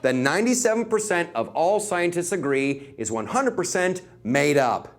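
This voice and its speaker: A man's voice: a little high, animated, normal speed. A male comedian doing a sarcastic stand-up monologue, rambling with filler words.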